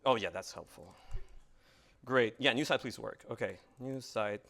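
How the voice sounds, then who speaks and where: A man's voice: mid-range voice, unhurried, vocal fry, fairly bright tone. A man giving a live coding demo at a tech meetup, rambling and self-deprecating as he types and talks to the audience. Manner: rambling, self-deprecating, thinks aloud while typing. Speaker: presenter giving a tech talk. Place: meetup room in front of an audience.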